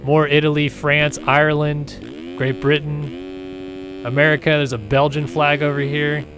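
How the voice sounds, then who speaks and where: A man's voice: a little high, steady tone, a little slow, music in the background. Laid-back man chatting over a game stream. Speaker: game racing commentator. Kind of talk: casual live-stream commentary.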